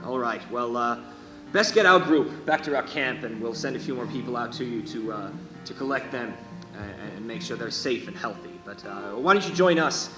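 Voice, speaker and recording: A man voicing a polite gentleman rider in a tabletop game, courteous and hesitant with many fillers. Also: mid-range voice, moderate pace, roomy sound, music in the background, natural voice.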